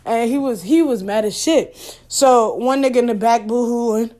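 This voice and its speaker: Picture a young woman spinning a wild personal story straight to her listeners. Her voice sits a little high, with loose, profane chatter, and she playacts the voices in her tale. She sounds unscripted, like she is talking to friends. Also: moderate pace. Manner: animated, profane, laughing, acts out her own lines. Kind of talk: casual storytime monologue.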